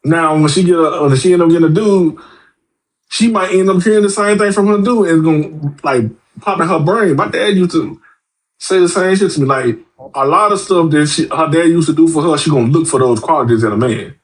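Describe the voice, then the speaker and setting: Man, podcast guest, fairly high voice, blunt, profane, animated storyteller. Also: brisk. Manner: acts out quoted voices. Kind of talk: casual podcast chat.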